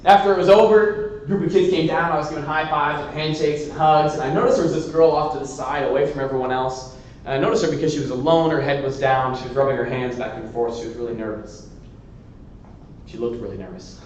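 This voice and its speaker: Animated male speaker in an echoey hall. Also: a little high, fast talker, recorded from a distance, dull audio, a little hiss or hum. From Washington state, USA. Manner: animated, lively storytelling with frequent laughter. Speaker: keynote speaker. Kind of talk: motivational storytelling speech. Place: large indoor assembly hall.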